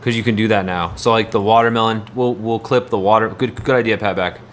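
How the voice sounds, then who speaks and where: Low-voiced man rambling on a livestream. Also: fairly even intonation, fairly quick, slight background noise. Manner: rambling, answers chat messages. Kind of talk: casual livestream chat.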